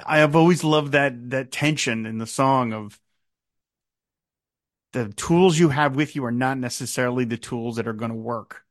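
A man in his fifties talks over a song on his podcast with a gravelly, creaky voice. He muses aloud, restarting sentences and filling pauses with "uh". The sound is dry and close, with no room echo. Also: medium pitch, a bit bright. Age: 50s. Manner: musing, with many fillers and restarts. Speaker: podcast host. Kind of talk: casual podcast talk about a song.

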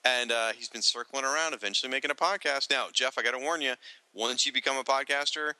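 A man's voice: medium pitch, fast talker, bright, forceful tone, clean tone, no room sound, poor audio. A man co-hosting a podcast in casual chat, reading listener comments, laughing often and trailing off into restarts.

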